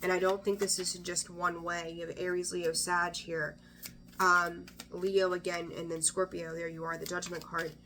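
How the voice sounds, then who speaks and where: A woman's voice: fairly low pitch, little pitch movement, normal speed, pushed and bright, a little hiss or hum. A woman giving a casual weekly tarot reading, chatty and blunt, swearing freely and often trailing off to restart her sentences. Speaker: tarot reader.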